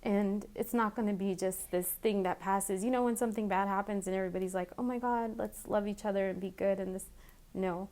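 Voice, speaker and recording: A woman recording a heartfelt personal video message, speaking in an emotional, halting way with many restarts, and she has children. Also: medium pitch, fairly even intonation, darkish tone. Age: adult with children. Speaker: vlogger.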